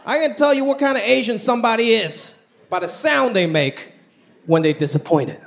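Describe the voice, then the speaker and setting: A very high, creaky, animated voice performs a stand-up set at moderate pace in a large theater, with a little hiss or hum. He talks conversationally with punchy delivery and exaggerated impressions, while the live stage recording captures a loud crowd's laughter and applause.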